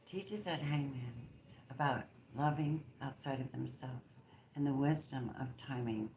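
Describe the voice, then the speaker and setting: A woman giving a spontaneous channeled tarot reading, emphatic and preachy, moving between hushed and forceful and swearing bluntly. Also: very deep voice, measured pace. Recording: roomy echo with faint background noise.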